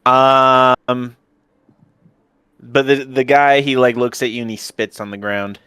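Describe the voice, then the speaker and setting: A man's voice: medium pitch, flat delivery, slow, sharp tone, smooth, dry recording. A man running a tabletop game as game master, narrating in a casual, rambling way full of fillers.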